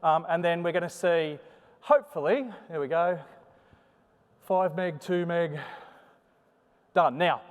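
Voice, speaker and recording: A man's voice: a little high, slow, pauses often, smooth. A man giving a chatty, joking conference talk in a sing-song way. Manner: chatty, joking, animated delivery. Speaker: conference presenter. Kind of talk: live conference talk with demo. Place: conference hall. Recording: long hall reverb.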